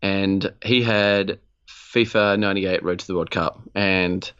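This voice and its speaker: A young Australian man co-hosting a podcast, telling a story in animated, sweary casual chat and acting out the quotes. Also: sits low, a little slow, clear, resonant tone, lo-fi sound. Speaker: podcast co-host.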